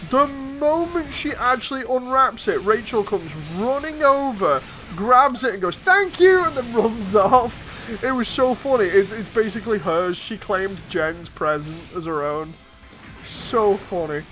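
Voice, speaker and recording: A man's voice: high-pitched, a little slow, sharp tone, faint music behind. A man streaming, telling amused anecdotes in casual chat and chuckling often.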